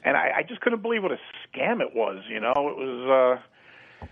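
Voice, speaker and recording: A man's voice: medium pitch, big pitch swings, moderate pace. A man calling in to a talk radio show, telling a rambling story in casual chat. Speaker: caller. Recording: phone-line sound.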